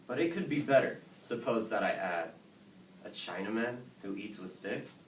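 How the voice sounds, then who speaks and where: A man reading a rhyming picture book aloud in a rhythmic, sing-song way, building excitement as the verses pile up. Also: lowish voice, moderate pace. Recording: echoey room from far off, faint ambience.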